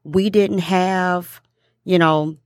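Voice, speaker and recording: A woman's voice: on the low side, fairly even intonation, no room sound, clean studio sound. Upbeat woman hosting a podcast. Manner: upbeat, emphatic, drawn-out listing. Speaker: podcast host. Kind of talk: casual podcast conversation.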